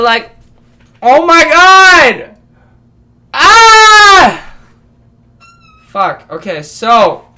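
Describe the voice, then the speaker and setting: A man's voice: high voice, pushed and bright. A young man in his late teens rambling through a casual podcast rant, swearing and restarting his sentences often. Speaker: vlogger.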